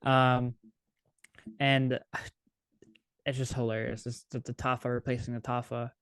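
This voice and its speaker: A man's voice: mid-range voice, little pitch movement, unhurried, fairly bright tone, clean tone, no room sound. A man co-hosting a podcast in casual chat, joking and laughing as he talks. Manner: joking, laughs while talking. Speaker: podcast co-host.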